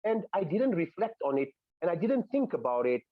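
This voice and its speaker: A man's voice: high voice, sing-song, fairly quick, dry recording. A man coaching cricket players on mindset, talking emphatically and repeating himself with rhetorical questions, from Africa. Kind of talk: motivational talk to players. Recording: dull, dry, lo-fi sound.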